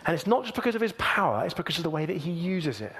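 A man preaching a sermon earnestly, moving between emphatic lines and hushed, near-whispered ones. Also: a little high, sing-song, rapid-fire.

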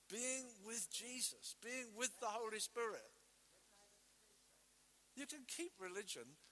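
A man preaching with fervor, his voice set high and very bright, with a sharp edge. He moves between loud declarations and hushed, intimate asides, acting out quotes as he goes. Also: big-room sound. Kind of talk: sermon.

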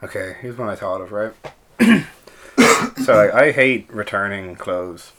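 Joking low-voiced man co-hosting a podcast. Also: unhurried, fairly bright tone. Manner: dry, joking, laughs often. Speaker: podcast co-host. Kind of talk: casual chat.

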